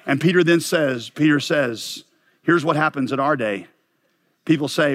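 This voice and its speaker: A man preaching a sermon, swinging from loud rising questions to low, quiet emphasis, with joking asides to the congregation. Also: moderate pace. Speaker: pastor.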